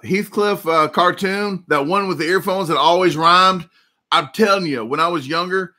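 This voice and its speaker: A man's voice: on the high side, bright, forceful tone. A man in his forties with a Southern US accent, hosting a casual live chat and telling rambling, jokey stories. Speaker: livestream host.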